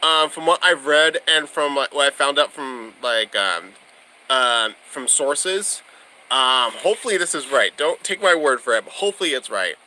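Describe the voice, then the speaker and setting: A man's voice: mid-range voice, normal speed, sharp tone, slight background noise, rough recording. A young man hosting a casual livestream, chatting with viewers in a bubbly, gushing way and laughing often. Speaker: livestream host.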